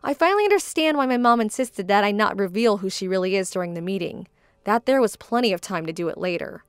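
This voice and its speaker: A woman's voice: mid-range voice, animated, smooth, dry recording, clean studio sound, lightly acted. A woman playing an indignant young bride-to-be. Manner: measured, indignant, cold. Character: young bride-to-be, hurt and firm. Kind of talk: dramatized story voice acting.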